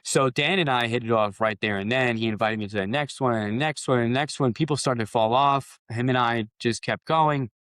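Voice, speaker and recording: A man's voice: medium pitch, a little fast, few pauses, fairly bright tone, clear, resonant tone, dry recording. A man, a company founder guest on a podcast, telling rambling anecdotes in a casual interview, with restarts and quoted dialogue.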